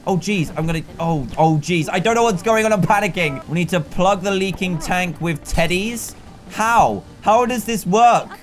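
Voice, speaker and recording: A man commentating a video game as he plays, excitable and laughing, talking to himself as the game unfolds. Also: high-pitched, moderate pace, soft background music. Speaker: gaming YouTuber. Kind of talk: let's play commentary.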